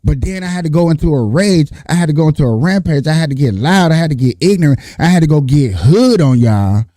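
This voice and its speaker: A man's voice: on the high side, lively intonation, fast talker, mellow, no echo, clean studio sound. A man arguing hard in a casual panel debate, profane and emphatic, repeating his points. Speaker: panelist, Trump supporter.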